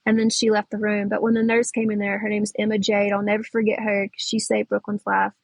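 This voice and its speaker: A woman's voice: medium pitch, monotone, fairly quick, creaky, dry recording, rough recording. Podcast guest, young woman, earnest personal storytelling, dry recording. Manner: earnest, emotional retelling with quoted dialogue.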